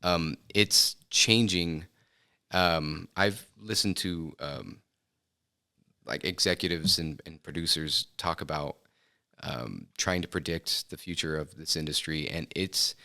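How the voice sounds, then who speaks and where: Middle-aged guy on a podcast, deep voice but bright, lots of ums and restarts. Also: takes it slowly, creaky. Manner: reflective, hesitant with many fillers and restarts. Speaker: filmmaker guest. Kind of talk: casual interview chat. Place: podcast studio.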